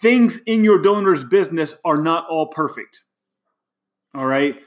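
Slow, emphatic man coaching nonprofits. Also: expressive. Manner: conversational, keeps asking "right?" and "all right"; slow, emphatic, pitch rising on key phrases. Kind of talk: casual talk to camera.

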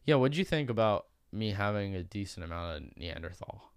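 A man's voice: lowish voice, lively intonation, fairly quick, clean tone, no room sound, studio quality. A young man hosting a podcast in casual chat, rambling with restarts and casual swearing. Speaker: podcast host.

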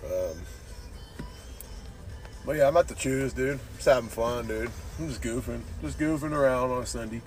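Brief: easygoing male podcast host, swears a lot, middling pitch, faint music behind. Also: moderate pace, long pauses. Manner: profane, laid-back, says "dude" constantly. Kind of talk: casual rambling monologue.

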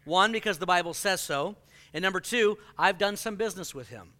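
Male preacher, high and bright, clear tone, lively and jokey delivery. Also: brisk. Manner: animated, joking, acts out quoted people. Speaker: pastor. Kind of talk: sermon.

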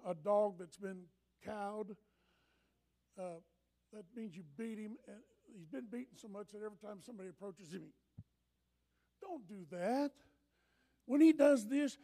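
A man preaching a sermon in an animated, impassioned way, often breaking into shouts. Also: sits high.

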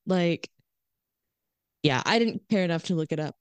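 A woman co-hosting a podcast in casual chat, animated and acting out quoted lines. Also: on the low side, normal speed, pauses often, no room sound. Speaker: podcast co-host.

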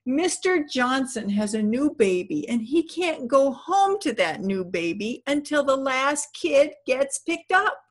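A woman's voice: sits high, very animated, a little slow, few pauses, voice pushed up. A woman doing an upset young boy.

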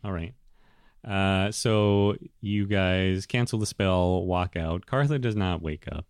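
A man narrating a tabletop game as game master, halting with many fillers. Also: sits low, clean tone, no echo, clean studio sound.

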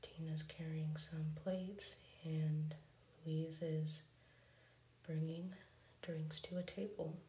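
A woman softly whispering an ASMR retelling of a cartoon episode, slow and even. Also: low voice, reverberant, slight background noise, rough recording. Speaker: ASMR storyteller.

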